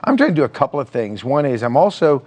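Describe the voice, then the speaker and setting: A middle-aged man being interviewed as a guest filmmaker, telling stories with lively acted-out quotes. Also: medium pitch, quick pace. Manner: animated storyteller, acts out quotes. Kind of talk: conversational TV interview. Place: TV studio.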